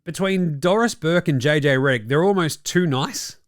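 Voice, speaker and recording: Aussie bloke ranting on a hoops podcast, swears a lot, bit higher voice, dead dry sound. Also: male voice, moderate pace, no echo. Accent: Australian. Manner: profane, ranting, does mocking quoted voices. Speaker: basketball podcast host. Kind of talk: opinionated sports commentary chat.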